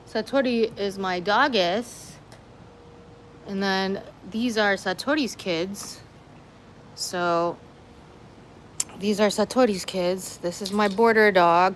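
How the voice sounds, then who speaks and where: A woman's voice: medium pitch, takes it slowly, a bit bright, slight background noise, poor audio. A woman vlogger chatting casually on a livestream at home, slipping into cooing baby talk to her dogs.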